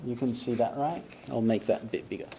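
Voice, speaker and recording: A man's voice: medium pitch, fast, mellow, slight background noise. A man teaching an English pronunciation lesson, patiently breaking phrases into single sounds and quizzing the viewer.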